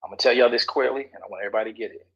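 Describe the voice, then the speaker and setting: Husky-voiced man teaching Bible study. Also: mid-range voice, very fast, highs cut off. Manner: animated, teasing the group, drops to a whisper for emphasis.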